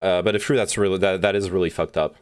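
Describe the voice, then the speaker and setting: Low, smooth-voiced man thinking aloud. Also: fairly even intonation. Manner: halting, many fillers and restarts, thinking aloud. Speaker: streamer host. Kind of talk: casual commentary reacting to a played speech.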